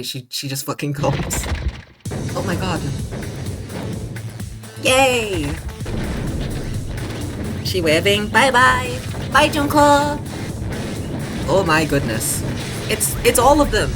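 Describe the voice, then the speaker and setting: A woman streaming a game and reacting live, gushing and excitable, swearing freely and laughing often. Her voice sits at an average pitch. Game music plays clearly under her talk. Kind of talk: live gameplay commentary.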